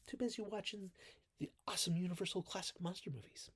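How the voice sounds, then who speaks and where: A man's voice: high-pitched, quick pace, a bit bright, husky. A man hosting a casual movie recap video, rambling and correcting himself as he goes. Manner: rambling, self-correcting, quotes characters in mock voices. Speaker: video host reviewing classic films.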